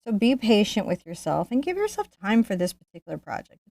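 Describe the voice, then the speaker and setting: A woman's voice: mid-range voice, big pitch swings, fairly quick, gravelly, darkish tone, no room sound, studio quality. A woman teaching a live painting lesson, jittery and laughing nervously. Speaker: painting instructor. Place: art studio.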